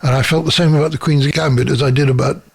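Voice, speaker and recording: A man's voice: medium pitch, fairly even intonation, quick pace, gravelly, slightly rough. An older man, a screenwriter, tells anecdotes in an interview in his office. He chuckles as he talks and acts out the voices of people in his stories. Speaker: screenwriter and producer.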